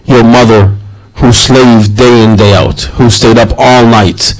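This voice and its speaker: A man's voice: mid-range voice, fairly even intonation, unhurried, rough recording. Earnest male preacher, repetitive cadence. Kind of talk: sermon.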